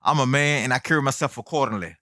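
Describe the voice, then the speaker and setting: A man's voice: medium pitch, fast, bright, forceful tone, dry recording, studio quality. A man hosting his own commentary channel, delivering an emphatic, indignant opinion monologue full of rhetorical questions and folksy asides to viewers.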